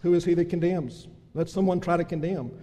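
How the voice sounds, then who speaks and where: A man preaching a sermon, swelling into loud emphatic lists and then dropping to a soft, low delivery. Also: fairly even intonation, brisk, long reverb tail.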